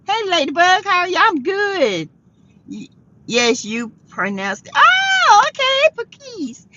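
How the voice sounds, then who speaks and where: A South Carolina woman hosts a relaxed livestream chat, sounding tired, laughing a lot and greeting viewers by name. Her high, sing-song voice moves at a measured pace over a noisy background. The recording is dull and lo-fi.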